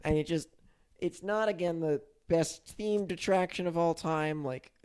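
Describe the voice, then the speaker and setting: A man's voice: a little high, unhurried, darkish tone, clear, resonant tone. A young man co-hosting a podcast, chatting casually and rambling with many restarts. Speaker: podcast co-host. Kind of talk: casual chat.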